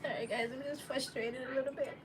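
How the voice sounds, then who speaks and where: With a high voice, fairly even intonation and a quick pace, a woman live-streams from home on her phone, telling her viewers a personal story. She rambles casually, full of fillers and restarts. The home recording is noisy.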